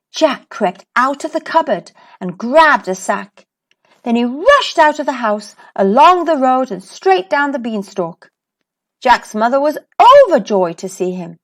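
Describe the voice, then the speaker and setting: A woman reading a children's book aloud, expressive and sing-song as a storyteller. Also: on the high side.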